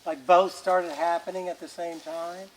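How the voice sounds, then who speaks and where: Male folk storyteller, high-pitched, animated, colloquial. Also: a little slow, slight background noise. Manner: animated, folksy, with colloquial asides.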